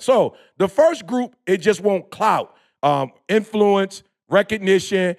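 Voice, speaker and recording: Male motivational speaker, very high and gravelly, slangy and emphatic, prone to shouting. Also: lively intonation, slow pace. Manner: preachy, emphatic, bursts into shouting; slangy, repeats phrases for emphasis. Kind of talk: impassioned motivational talk.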